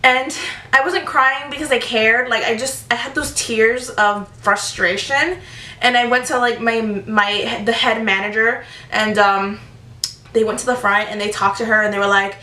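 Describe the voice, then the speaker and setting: A woman in her twenties telling retail stories in a chatty, animated storytime vlog. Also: on the high side, normal speed. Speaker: vlogger. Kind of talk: casual storytime. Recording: echoey room, distant mic.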